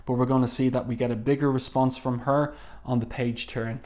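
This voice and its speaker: Casual male comic reviewer, relaxed, talks through panels with ums. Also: mid-range voice, a little fast. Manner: walks through panels, reads dialogue aloud, frequent ums.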